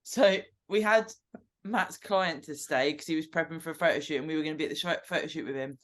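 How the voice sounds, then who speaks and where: A woman's voice: deep voice, fast talker, a bit bright. A woman hosting a casual group chat, telling stories with lots of swearing and laughter. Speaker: host.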